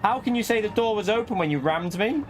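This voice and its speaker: A man's voice: high-pitched, expressive, fast talker, faint music behind. A man streaming a racing game, ranting indignantly at chat between frequent laughs. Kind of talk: live racing game commentary. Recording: noisy with car engine sounds.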